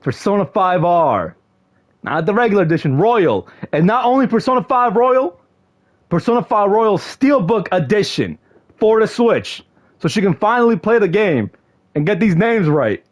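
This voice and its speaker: Young dude streaming, high voice swinging all over, yells a lot, says bro every other line. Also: male voice, normal speed. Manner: excitable, shouts in mock frustration, slangy with lots of "bro". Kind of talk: casual livestream chat to viewers.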